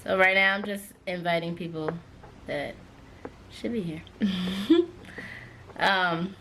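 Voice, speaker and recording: A woman's voice: lowish voice, steady tone, unhurried, sharp tone, slight background noise. A young woman who is an author and YouTuber, talking casually with lots of slang while unboxing, emotional, laughing and gasping between exclamations. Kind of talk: excited unboxing vlog.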